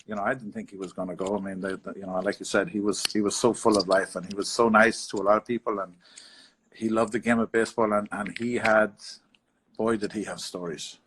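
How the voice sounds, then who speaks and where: A man with a New York accent, a bar owner, chatting over a video call and telling stories in a halting way with many restarts. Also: on the low side, fairly even intonation, fairly bright tone, slight background noise. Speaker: interview guest, bar owner. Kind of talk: casual storytelling chat.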